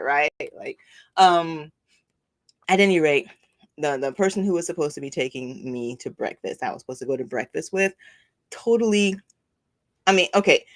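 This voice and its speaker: Rambling woman telling a story. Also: medium pitch. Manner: rambling and animated, with many fillers. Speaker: spiritual coach hosting a weekly livestream. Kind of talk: casual storytelling on a livestream.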